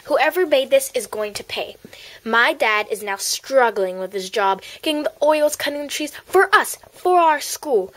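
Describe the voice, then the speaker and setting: A woman's voice: high voice, lively intonation, unhurried, fairly bright tone, poor audio. A woman voicing a spoiled, bratty popular schoolgirl in an amateur homemade play, snotty and boastful, sometimes hissing in whispers. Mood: scheming.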